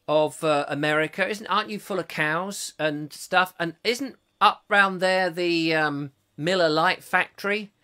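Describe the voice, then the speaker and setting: A man's voice: on the high side, a bit bright. A man hosting a comic live chat show, rambling in a jokey way and reading out viewer comments as they come in. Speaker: host.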